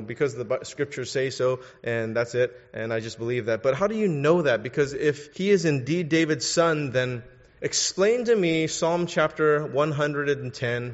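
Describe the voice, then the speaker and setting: Man preaching in an echoing church. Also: mid-range voice. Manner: questioning, urges listeners to think. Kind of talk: sermon. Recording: dull sound in a reverberant hall.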